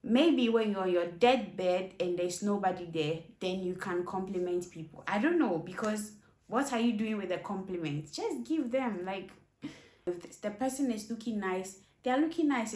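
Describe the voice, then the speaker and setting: A woman talks through clips she reacts to, asking pointed questions and pressing her points with emphatic disbelief. Her voice is mellow and warm. The room around her rings with echo. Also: medium pitch, animated, moderate pace. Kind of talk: casual reaction commentary.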